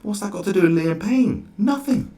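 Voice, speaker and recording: A man's voice: high-pitched, lively intonation, moderate pace, warm tone. A man ranting sarcastically through a reaction commentary, exasperated and swearing freely. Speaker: commentary vlogger.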